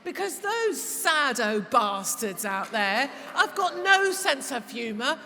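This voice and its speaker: A woman talking as a podcast guest before a live audience, impassioned and swearing, laughing, and rising to shouts. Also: sits high, sing-song, takes it slowly. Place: large church hall before a live audience. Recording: echoey hall with audience noise.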